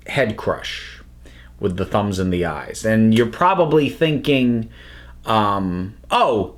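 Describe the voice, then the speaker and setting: Male host, lowish voice, casual halting commentary with lots of feeling. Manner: expressive, halting, with many restarts. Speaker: YouTube host reviewing films.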